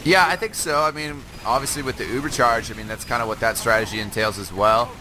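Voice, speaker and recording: A man's voice: medium pitch, fast, background noise. A man giving live analysis of an online game match over a headset, chatty and laughing often, with many fillers. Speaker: esports co-caster. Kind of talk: live color commentary.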